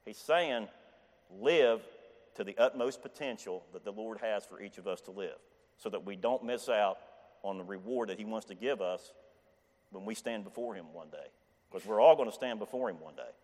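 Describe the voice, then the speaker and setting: A man's voice: fairly low pitch, normal speed, a little mellow. Male lay preacher, conversational teaching delivery with frequent restarts, recorded in a church with a long echo. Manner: conversational, repeats "okay?" and restarts often. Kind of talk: informal church Bible teaching.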